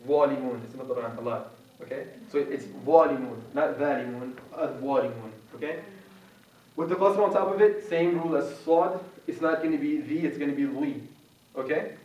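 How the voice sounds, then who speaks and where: Patient and informal, a young man teaches pronunciation for Quran recitation to a university class, sounding out examples again and again. His voice is fairly high-pitched with a darkish tone and fairly quick pace, recorded in an echoey meeting room through a distant, muffled mic.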